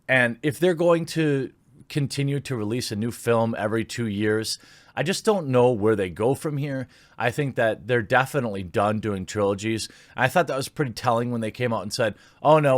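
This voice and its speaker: A man's voice: mid-range voice, dry recording. A man giving opinionated commentary, sarcastic and indignant, reading posts aloud and reacting to them.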